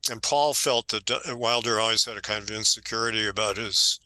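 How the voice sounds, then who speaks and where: An older man speaking as an interview guest, his voice low-pitched but very bright and forceful. He tells his stories in an animated, emphatic way. The sound is dry and close. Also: a little fast, no room sound, poor audio. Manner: animated storytelling, emphatic when indignant. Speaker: author guest. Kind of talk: conversational interview.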